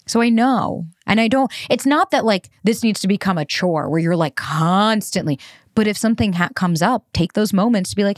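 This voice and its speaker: A woman's voice: medium pitch, normal speed, no room sound, studio quality. A woman hosting a podcast, talking in a candid, conversational way in a casual monologue. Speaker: podcast host.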